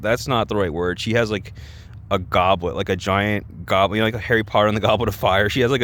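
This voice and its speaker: A man's voice: lowish voice, fairly bright tone, a little hiss or hum. A man ranting in reaction commentary, rambling and exasperated, with many restarts and fillers. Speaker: vlogger.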